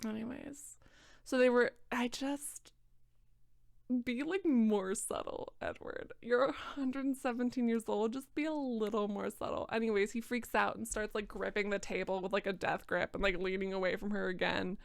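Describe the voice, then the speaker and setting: A woman's voice: mid-range voice, fairly even intonation, normal speed, vocal fry, no room sound. A tipsy young woman reading a book aloud and roasting it, sarcastic and rambling, often restarting her sentences. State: tipsy from wine. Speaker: book reader and commentator.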